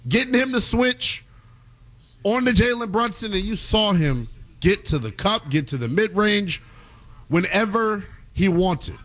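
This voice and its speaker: A man hosting a basketball show, giving emphatic sports commentary that swings between loud outbursts and quick asides. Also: high-pitched.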